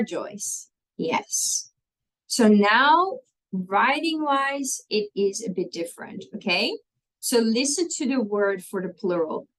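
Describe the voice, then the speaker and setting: A woman's voice: mid-range voice, poor audio. A woman, teaching a language lesson and patiently walking through spelling rules step by step, often checking in with "okay?".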